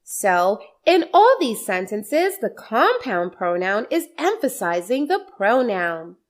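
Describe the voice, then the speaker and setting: A woman teaches grammar from a script, her fairly high voice moving through big pitch swings. She explains carefully and slowly, using many repeated example sentences.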